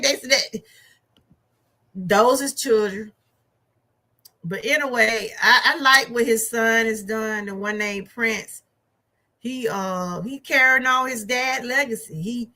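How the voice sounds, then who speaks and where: A middle-aged woman, reviewing a movie in a chatty, animated way. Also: fairly high pitch. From Georgia, USA. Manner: animated, chatty storytelling with laughs and asides. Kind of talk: casual chat.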